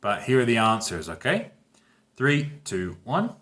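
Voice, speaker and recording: A man, teaching a grammar lesson in a relaxed, patient way and often checking in with his students. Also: medium pitch, unhurried. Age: 30s. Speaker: English teacher. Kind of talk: casual online grammar lesson.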